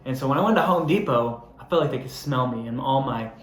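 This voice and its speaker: A man's voice: mid-range voice, expressive, fast talker, reverberant. A young adult man preaching a sermon, telling a self-deprecating story in a conversational way before turning earnest. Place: church hall.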